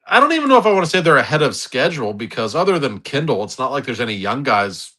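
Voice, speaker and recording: A man's voice: mid-range voice, very animated, fast talker, pushed and bright. A man co-hosting a podcast, chatting casually and earnestly about hockey, often restarting his sentences. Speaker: podcast co-host. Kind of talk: casual sports chat.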